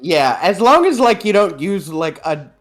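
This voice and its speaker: A Mexican man co-hosting a podcast in casual chat, animated, laughing often and swearing. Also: sits high, moderate pace, soft background music. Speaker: podcast co-host.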